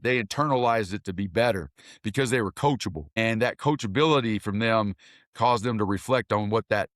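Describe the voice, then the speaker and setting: A man's voice: medium pitch, dry recording, clean studio sound. Earnest male football coach telling stories. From Kentucky. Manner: earnest, animated storytelling with many restarts. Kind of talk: casual interview talk.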